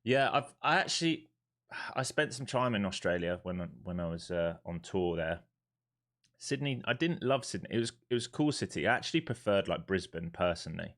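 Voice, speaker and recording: A man's voice: low voice, expressive, fairly quick, fairly bright tone. A man with a London accent chatting casually on a live stream while giving blunt, laid-back market commentary. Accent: London English. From London, England. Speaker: live-streaming day trader.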